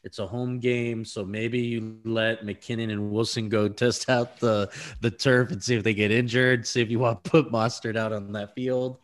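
A man co-hosting a casual sports podcast, rambling through his analysis with quick laughs and stumbling over names. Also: on the low side, little pitch movement. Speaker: podcast co-host.

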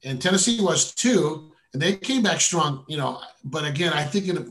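A man's voice: fairly high pitch, expressive, normal speed, a bit bright. A man from the San Francisco Bay Area giving his weekly sports betting picks in casual, playful chat. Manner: confident, playful, talks in bursts. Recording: roomy echo.

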